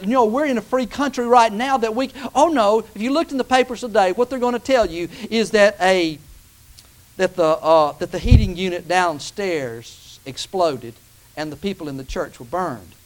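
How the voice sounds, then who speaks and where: A man preaching a sermon, building to emphatic peaks and stretching out key phrases. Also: high-pitched.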